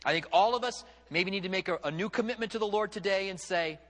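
A man preaches in a high, bright, ringing voice, acting out the lines he quotes with sweeping dramatic rises and drops. His words trail off into the long reverb of a church sanctuary. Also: fast. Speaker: pastor. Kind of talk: sermon.

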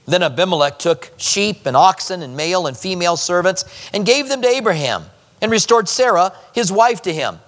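A man's voice: high voice, animated, moderate pace, fairly bright tone. A man preaching a verse-by-verse sermon as a pastor, with conversational asides to the congregation. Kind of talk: expository sermon. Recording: long hall reverb.

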